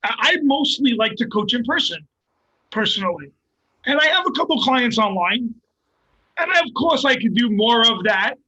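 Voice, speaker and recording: This man talks high in his register with a bright, somewhat husky tone. He is a jiu-jitsu coach chatting on a podcast, telling stories with animated, profane energy. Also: normal speed, rough recording. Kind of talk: casual podcast chat.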